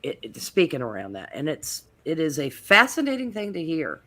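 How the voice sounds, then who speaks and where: A man's voice: a little high, wildly swooping pitch, moderate pace, sharp tone. A man on a podcast panel in casual chat, telling rambling anecdotes full of restarts.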